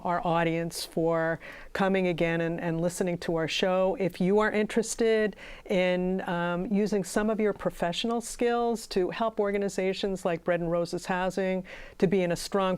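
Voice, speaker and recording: A woman with a lowish, smooth, clear voice hosts a community interview show. She talks in a friendly, chatty way and laughs easily with her guest. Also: a little mellow. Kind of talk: casual interview chat.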